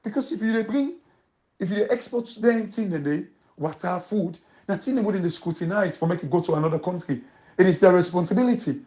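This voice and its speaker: A woman's voice: on the low side, brisk, dark tone, lo-fi sound. A woman from Sierra Leone with a Krio accent, giving emphatic political commentary full of rhetorical questions and switching between Krio and English.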